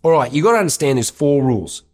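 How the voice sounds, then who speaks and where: A man doing a gruff, bossy older guy. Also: a little high, big pitch swings, fast talker, pitched above the performer's own voice. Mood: gruff blunt. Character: blunt, set-in-his-ways older man laying down rules.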